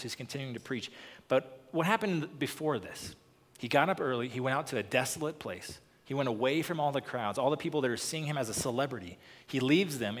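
A man's voice: mid-range voice, a bit bright. Conversational male preacher in a reverberant hall. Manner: conversational, joking asides, acts out quoted voices. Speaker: pastor. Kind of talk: sermon.

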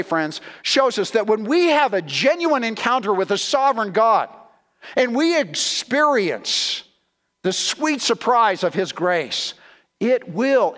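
A man's voice: high-pitched, fairly bright tone, in a large hall. A man preaching a sermon as a guest pastor in a church, emphatic and repeating key words as he addresses the congregation as friends.

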